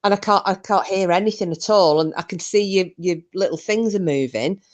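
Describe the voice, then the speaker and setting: A woman's voice: medium pitch, fairly quick, dry recording. A woman hosting a live online chat, reading messages out and checking that everyone can hear her. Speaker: livestream host. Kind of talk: casual chat. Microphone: online call.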